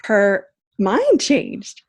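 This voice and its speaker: A woman's voice: medium pitch, huge pitch swings, very slow, a little mellow. A woman in her thirties hosting a casual video chat, talking in an earnest, chatty way with frequent fillers. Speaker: host.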